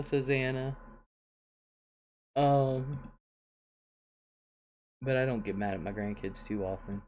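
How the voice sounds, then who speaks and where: A woman's voice: very deep voice, a little mellow, slight background noise. An older woman hosting a casual livestream, chatting and reading viewer comments aloud with frequent chuckles. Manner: chuckles often, chatty and rambling. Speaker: livestream host.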